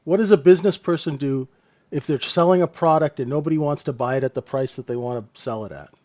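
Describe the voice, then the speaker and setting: A man's voice: a little high, quick pace, dark tone, highs cut off. A man hosting a live trading lesson, talking casually and checking in with "right?" after many points. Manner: conversational, keeps asking "right?". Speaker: trading room host and trainer.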